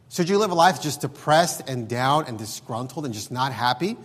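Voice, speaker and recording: A man's voice: a little high, brisk, a bit bright, slightly rough. A man preaching a sermon in an emphatic way, repeating words and often saying "look.". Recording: long hall reverb.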